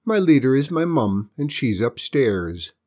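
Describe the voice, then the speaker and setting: A woman's voice: rumbling low, sing-song, measured pace, a little mellow, heavily acted. A woman voicing a sensible, unimpressed young boy in a storybook reading, dry and matter-of-fact. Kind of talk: storybook character voice.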